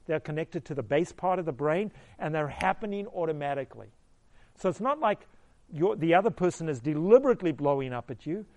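Animated storytelling male pastor. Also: fairly high pitch, a little fast. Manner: conversational, animated storytelling with direct questions to listeners. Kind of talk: sermon.

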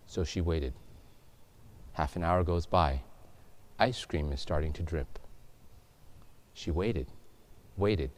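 A man's voice: sits low, slow, pauses often. A man preaching a sermon, telling stories and putting questions to the congregation. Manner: animated storytelling, questions to the congregation. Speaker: pastor.

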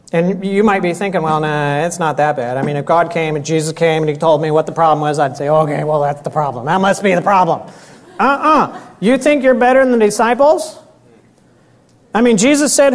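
A man preaching a sermon, often clearing his throat and acting out dialogue in a raised voice. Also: high voice. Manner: animated, acts out dialogue with raised voice.

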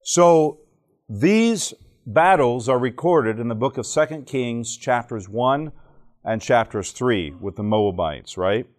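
Slow and expressive, his mid-range voice carries a church teaching talk delivered live. The speaker, a man from Alabama in the American South, tells joking stories and keeps quizzing those listening.

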